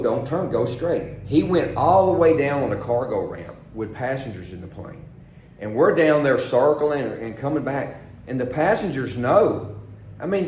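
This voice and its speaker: A man tells casual stories from his flying days, animated and talkative. He acts out the other people's lines with sudden jumps in pitch. His voice has a middle pitch and sounds roomy and echoey. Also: slight background noise. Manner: animated, acts out quoted dialogue. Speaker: pilot telling stories. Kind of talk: casual storytelling.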